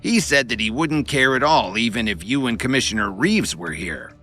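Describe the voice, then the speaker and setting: A man's voice: medium pitch, expressive, normal speed, pushed and bright, faint music behind. A man voicing a spoiled, boastful young man who whines and exaggerates to his father in an audiobook. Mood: whining. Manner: whining, pleading, exaggerating. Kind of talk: audiobook narration.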